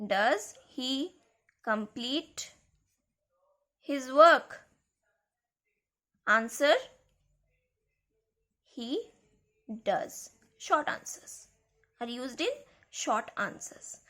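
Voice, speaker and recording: A woman teaching a grammar lesson to schoolchildren, speaking slowly and repeating key words. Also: on the high side, expressive, bright, forceful tone. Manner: slow, repeats key words, addresses kids.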